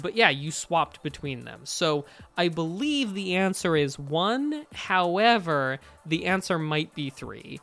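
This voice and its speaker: A man co-hosting a live gaming show, chatting casually and thinking out loud at length. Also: a little high. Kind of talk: casual live-stream chat.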